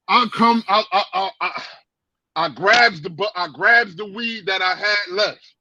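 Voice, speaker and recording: A man telling a story in a casual chat, animated and profane, with lots of stammered restarts, on dry lo-fi stream audio. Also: sits high, a little slow, dry recording. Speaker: guest.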